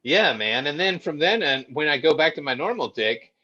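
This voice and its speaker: A man's voice: a little high, lively intonation, normal speed, sharp tone, slightly rough, muffled recording. A man chatting casually as a podcast co-host, sheepish and self-mocking, laughing often. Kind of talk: casual chat.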